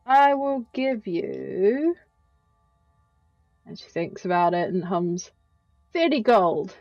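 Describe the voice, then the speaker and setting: A woman playing a tabletop game, haltingly voicing her character as she haggles. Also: mid-range voice, sing-song, a little mellow, no room sound, muffled recording, faint music behind. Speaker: player.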